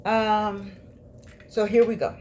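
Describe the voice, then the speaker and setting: A woman in her eighties telling personal stories from her life in a lively, chatty way, with laughs and asides to her listeners. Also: mid-range voice, slow, slight background noise. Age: 80s. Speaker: memoir vlogger. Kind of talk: personal storytelling.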